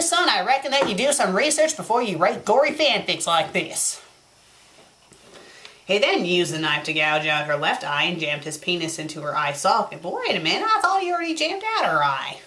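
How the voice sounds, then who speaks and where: A woman's voice: mid-range voice, fairly bright tone. A woman hosting a review show, reading a story aloud in a put-on Southern US drawl and breaking off for mocking, exasperated asides. She sounds a little tipsy. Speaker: fanfiction critic host.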